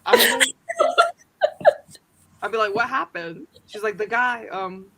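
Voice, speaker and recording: A woman's voice: mid-range voice, moderate pace, a loud crowd. A woman co-hosting a casual book club video call, telling stories with jokey asides. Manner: animated storyteller, joking asides.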